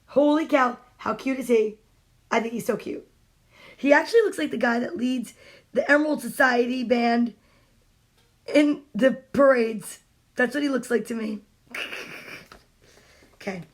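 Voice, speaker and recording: A woman's voice: a little high, a little slow, pauses often. A woman reading children's storybooks live from home, playful and chatty, greeting her viewers by name between pages. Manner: playful, exclaims over the pictures.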